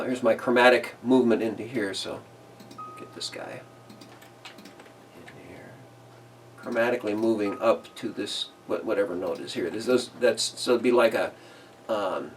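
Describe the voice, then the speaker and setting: Relaxed man scatting while he explains. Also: medium pitch, far from the mic, slight background noise. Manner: relaxed, chuckles, sings phrases as "ba da da". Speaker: arranger teaching big band writing. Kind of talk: casual screen-recorded tutorial.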